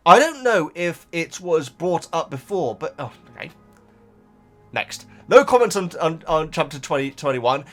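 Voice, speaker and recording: A man's voice: high voice, a bit bright. A man reading out viewer comments and chatting about them casually, wandering off into tangents and thinking aloud. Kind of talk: casual chat.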